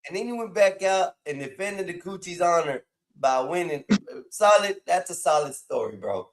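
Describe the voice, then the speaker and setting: A host on an online stream call teases his guest and retells the tale back to him. His voice sits slightly high and moves a lot. He jokes in casual chat. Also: expressive, moderate pace. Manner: teasing, laughs, recaps the story.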